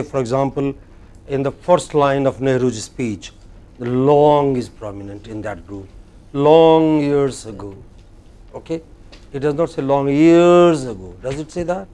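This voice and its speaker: A man with an Indian English accent teaching a classroom lecture, slow and deliberate, often putting questions to the class. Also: medium pitch, mellow.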